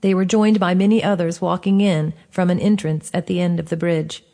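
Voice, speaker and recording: A woman narrating her own fantasy book as an audiobook, in a steady, clear reading voice with a gentle lilt. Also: lowish voice, fairly quick.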